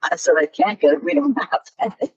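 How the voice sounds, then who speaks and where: A woman's voice: lowish voice, brisk, husky, no room sound. An older woman telling stories in a Q&A talk, acting out the voices of people in her anecdotes. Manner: animated, acts out dialogue in stories. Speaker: guest speaker. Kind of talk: storytelling talk with Q&A. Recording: dull, lo-fi dry recording.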